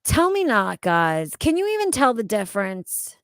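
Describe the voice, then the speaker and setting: Slow-talking profane woman streamer. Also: medium pitch, big pitch swings, no echo. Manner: loud, profane, laughing often. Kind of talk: casual livestream chat.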